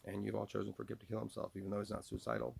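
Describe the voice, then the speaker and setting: A man's voice: lowish voice, monotone, racing, gravelly, husky. A man delivering a rambling, accusatory monologue from his trailer home, talking about himself in the third person. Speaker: vlogger.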